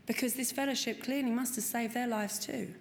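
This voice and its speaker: A woman's voice: fairly high pitch, fairly even intonation, a little fast. Candid woman sharing in a hall. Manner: earnest and candid, swears freely, repeats for emphasis. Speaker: speaker sharing at a recovery meeting. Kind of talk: personal testimony to a group. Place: meeting room. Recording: long reverb of a meeting hall, faint room ambience.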